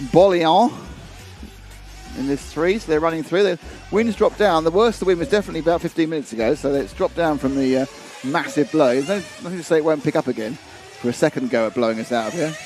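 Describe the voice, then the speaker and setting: A man's voice: fairly high pitch, a little mellow. A man commentating a live race and telling long rambling stories with many restarts.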